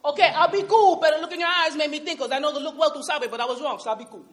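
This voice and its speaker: Speaking very fast in a high-pitched, natural voice, a woman plays a streetwise young Puerto Rican man from Brooklyn, a hardened, bitter Nuyorican. In this dramatic monologue she uses tough, confrontational street talk mixed with Spanish.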